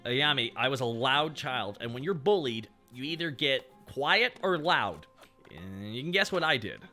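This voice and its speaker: A man's voice: mid-range voice, lively intonation, moderate pace, bright, forceful tone, soft background music. A man chatting casually and joking with profanity while he streams a game. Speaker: VTuber streamer.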